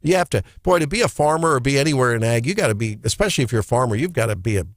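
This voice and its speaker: A man's voice: medium pitch, animated, rapid-fire, no room sound, clean studio sound. A man with a Midwestern American accent hosting a morning radio show, giving jokey, incredulous commentary. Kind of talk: talk radio banter and commentary. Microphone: studio microphone.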